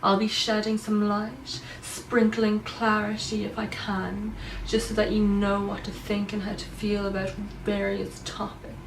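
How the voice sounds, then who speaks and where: A woman's voice: mid-range voice, monotone, a little slow, few pauses, lightly acted. An actress playing a self-absorbed young woman vlogging about her life, rambling smugly and tagging "do you know" onto her lines. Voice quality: rambling, smug, says "do you know" constantly. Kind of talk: comedy monologue to camera. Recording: roomy, distant mic, faint hum.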